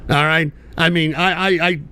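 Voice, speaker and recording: A man's voice: fairly high pitch, steady tone, normal speed, bright, forceful tone, slight background noise. A man hosting an online political show, ranting bitterly and profanely in a repetitive way. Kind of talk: livestream rant.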